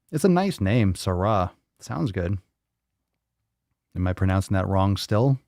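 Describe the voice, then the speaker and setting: A man's voice: deep voice, animated, unhurried, vocal fry, a little mellow, dry recording, clean studio sound. A man hosting a casual fitness livestream, reading viewer comments aloud, joking, teasing and swearing freely as he plays with how names are said.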